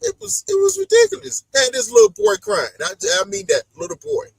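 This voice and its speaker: A man with a strikingly high voice that leaps all over the place as he recaps a dating show. His tone is gravelly with a husky edge. The sound is dry and close, and he plays out each person he describes. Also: a little fast, no echo, low-quality recording. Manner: animated, acts out the people he talks about. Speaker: podcast host. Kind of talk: casual reality-show recap chat.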